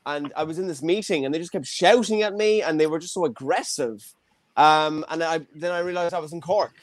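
A podcast co-host with an Irish accent from Mayo, telling a work story in an excitable, exaggerated way. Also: medium pitch, a little fast, dry recording. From Mayo, Ireland. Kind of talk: casual chat.

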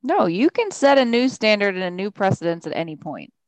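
A woman's voice: mid-range voice, sing-song, brisk, dry recording, poor audio. A woman speaks firmly as podcast co-host, giving advice in a casual chat. Her voice sits in a dry, close recording with little room sound.

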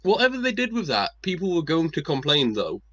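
A man's voice: on the high side, wildly swooping pitch, fairly quick, dull audio, a crowd in the background. A man co-hosting a casual podcast chat, with brief dry interjections. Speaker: podcast co-host.

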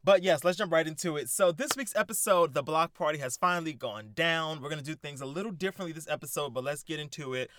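A young man hosting a casual solo podcast, talking in an excitable, animated way with plenty of profanity. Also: a little high, fast, hardly any pauses, background noise. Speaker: podcast host. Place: indoors, sitting in a squeaky chair.

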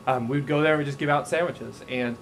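A man preaching a sermon as a pastor, telling stories in a casual, animated way with frequent restarts. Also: medium pitch, fast, a little hiss or hum, low-quality recording.

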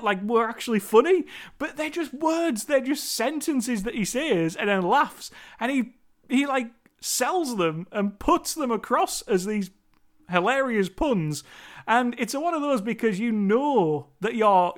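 A movie reviewer talking through a film in a rambling, chatty monologue, swearing casually now and then. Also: medium pitch.

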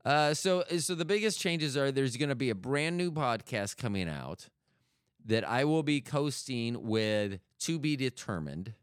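A man's voice: mid-range voice, lively intonation, a little slow, clean tone, dry recording, clean studio sound. A middle-aged man hosting a solo podcast, rambling and joking as he keeps cutting himself off. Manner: rambling, self-interrupting, jokey. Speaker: podcast host.

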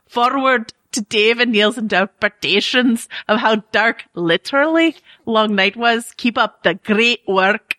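A woman putting on an exaggerated Scottish accent with a heavy rolling burr while she slowly reads a fan review aloud on a podcast. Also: on the high side, sharp tone. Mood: hammy. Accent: put-on Scottish. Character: reviewer read in a hammy put-on Scottish burr.

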